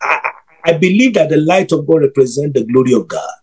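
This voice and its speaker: A man's voice: a little high, animated, fast talker, slightly rough. A man ministering as a guest preacher over a video call, giving emphatic prophetic declarations and repeating each one.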